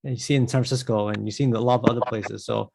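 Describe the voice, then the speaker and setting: A man's voice: mid-range voice, fairly even intonation, rapid-fire, gravelly, darkish tone, a little hiss or hum. A man on a city council, speaking in a rambling way with many restarts in a meeting discussion.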